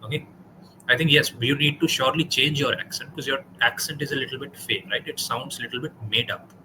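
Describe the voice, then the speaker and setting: A man's voice: medium pitch, fairly quick, noisy background. A man with an Indian accent, tutoring a student in spoken English and correcting him directly. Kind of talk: spoken English practice session with feedback.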